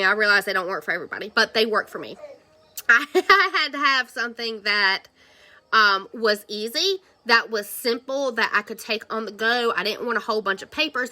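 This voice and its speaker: A woman's voice: a little high, pushed and bright. A woman, talking casually to her sales team in a livestream from home, rambling around before reaching her point. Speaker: direct sales team leader. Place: at home, cartoons playing nearby.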